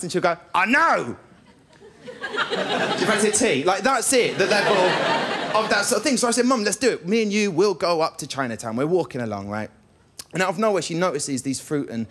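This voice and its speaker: A young male comedian doing a lively stand-up routine on a TV studio stage. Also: fairly high pitch. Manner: lively storytelling with quoted voices. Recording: studio audience laughter and noise.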